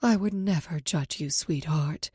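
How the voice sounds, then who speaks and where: A woman voicing a loving middle-aged mother who speaks softly and reassuringly. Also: low voice, a little slow, breathy edge, no echo, clean studio sound, voice pushed down. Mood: gentle, caring. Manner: soft, reassuring.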